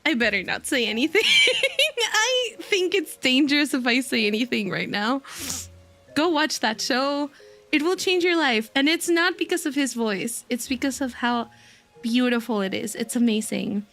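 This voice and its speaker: High, lively, giggly woman streamer. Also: moderate pace. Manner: giggly and gushing, laughs often. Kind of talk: casual live-stream chat.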